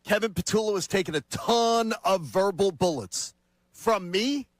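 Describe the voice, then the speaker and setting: Earnest guy praising a play caller, dry sound, kinda high voice. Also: a little slow, no echo. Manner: emphatic, earnest. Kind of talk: sports commentary.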